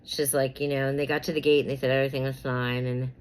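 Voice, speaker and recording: Her voice is extremely low with little pitch movement, and she talks quickly on a low-quality recording. While putting on makeup, she rambles about celebrity gossip with many fillers and repeats, whispering names now and then as she pulls cards.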